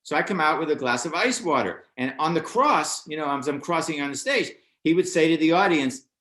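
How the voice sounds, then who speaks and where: An older American stand-up comedian, guesting on a casual interview, tells an anecdote about his early comedy days. He's animated and brisk, and his pitch jumps up whenever he acts out someone else's lines. There's a roomy echo on the sound.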